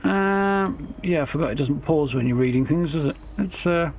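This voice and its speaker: A man's voice: fairly high pitch, moderate pace, slight background noise. A man giving casual, wry commentary while live-streaming a video game. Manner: wry, chatty, self-mocking.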